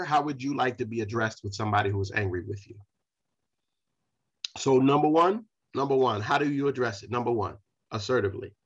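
A man's voice: medium pitch, breathy edge, highs cut off. A pastor leading a Bible study, preaching in a repetitive style straight to his congregation. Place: church.

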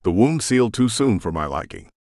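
A man's voice: fairly low pitch, very animated, fairly quick, a little mellow, no echo, studio quality. A man giving dramatic, brooding first-person audiobook narration.

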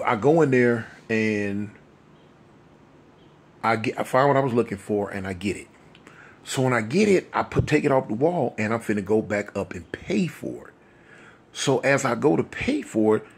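A man's voice: mid-range voice, breathy edge. A man, telling a street story in a rambling, conversational way full of asides. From Los Angeles. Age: 50s.

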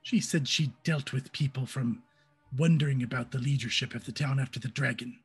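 A man with a raspy voice playing a tabletop game, earnest and wary in character. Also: mid-range voice, a little fast, faint music behind. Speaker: player.

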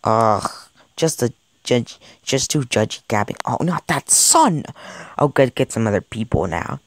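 Improvised game role-play narrator, stammering, repeats words, very lively pitch, dry close sound. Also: unhurried, no echo. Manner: stammering, repeats words, jumps between character voices. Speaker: fan show creator voicing all characters.

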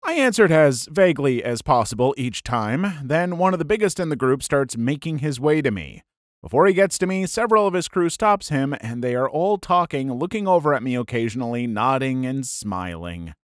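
Man, reading stories aloud, tense expressive retelling, animated pitch, dry close mic. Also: dry recording. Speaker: story narrator.

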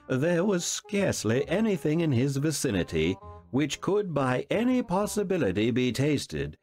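A man reading a fairy tale aloud in an expressive, dramatic storytelling manner. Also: mid-range voice. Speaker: reader. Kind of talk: storybook narration.

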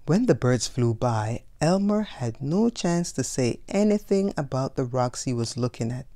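A woman reading a picture book aloud as a storyteller, in a slow, expressive, gentle way. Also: rumbling low. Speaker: storyteller, channel host.

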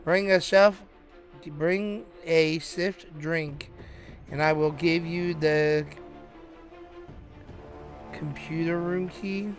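A man reading out the lines of a creepy frog character in a horror game, in a flat, deadpan way. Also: fairly high pitch, drawn-out words, pauses often, soft background music.

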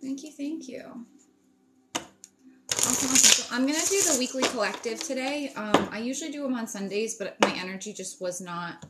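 A woman's voice: on the high side, lively intonation, fast, few pauses, very noisy. A woman in casual live-stream chat from home on a phone, upbeat and chatty, greeting viewers and swearing casually. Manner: greets viewers warmly, fillers like um. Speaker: spiritual wellness live-streamer.

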